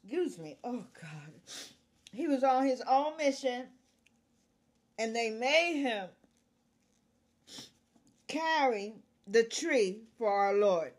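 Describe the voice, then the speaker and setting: Woman, higher voice, unhurried, bible reading, verse numbers, plain-words retelling. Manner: reads verse numbers aloud, then restates in plain words. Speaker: host reading scripture.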